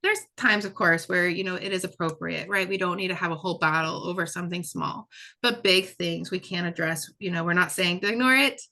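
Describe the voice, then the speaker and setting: A woman's voice: lowish voice, fairly quick, bright, forceful tone. A woman presenting a webinar lecture in a conversational way, often checking in with "right?" and repeating words for emphasis. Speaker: presenter and curriculum developer.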